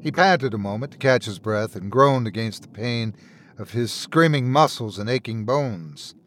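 A man narrating a dark fairy tale in an expressive, dramatic storytelling manner. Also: mid-range voice, normal speed, slight background noise. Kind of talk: scripted horror story narration.

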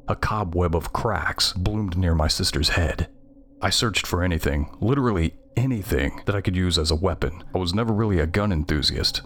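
A man's voice: low-pitched, a bit bright, a little hiss or hum. A man narrating a first-person horror story in a tense, scripted reading.

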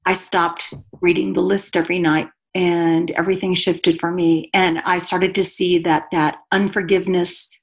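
A woman's voice: fairly low pitch, flat delivery, normal speed. A woman guest giving an earnest, emotional personal testimony in conversation, a mother speaking about her life. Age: adult mother.

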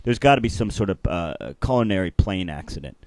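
A man's voice: deep voice, animated, a little fast, a little mellow, no echo. A man co-hosting a casual podcast, joking and giving firm opinions. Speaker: podcast co-host.

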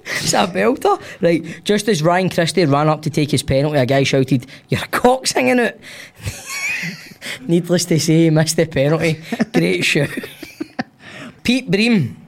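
A man's voice: fairly high pitch, lively intonation, a little slow, vocal fry. A Scottish man hosting a casual chat, reading out listener stories with lots of giggling. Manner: giggly, banter, reads out ads. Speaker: podcast host.

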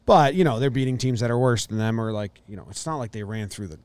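A man co-hosting a sports podcast, chatting casually and trailing off softly. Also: mid-range voice, quick pace, smooth. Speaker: podcast co-host.

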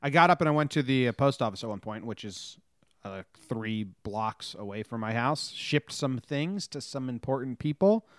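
A man co-hosting a podcast in casual chat, reading things out in a wry, deadpan way. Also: medium pitch, normal speed, dry recording, clean studio sound. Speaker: podcast co-host.

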